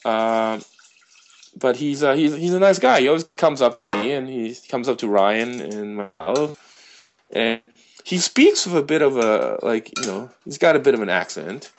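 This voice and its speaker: Man, casual storytelling, rambling, lots of fillers, mid-pitched voice. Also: expressive, moderate pace.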